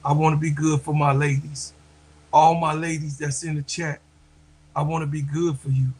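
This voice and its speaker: A man hosting a livestream, speaking to his viewers slowly and from the heart, often repeating himself and getting emotional. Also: a little high, flat delivery, darkish tone, slightly rough, low-quality recording. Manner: slow, heartfelt, repeats phrases. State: emotional, near tears. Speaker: livestream host.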